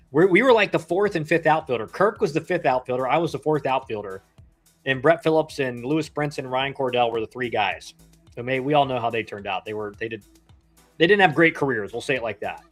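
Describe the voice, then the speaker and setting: A man in his thirties with a medium-pitched, slightly bright voice, a former pro ballplayer, casually calls a live game on a livestream. He's chatty and rambles, dropping slangy asides along the way.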